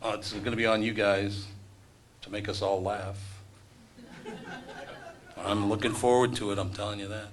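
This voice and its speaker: Speaking to a live audience in an event room, this middle-aged man is a radio host acting as emcee, joking with wry sarcasm and poking fun at himself. He has a fairly low, level voice, a moderate pace, and frequent pauses.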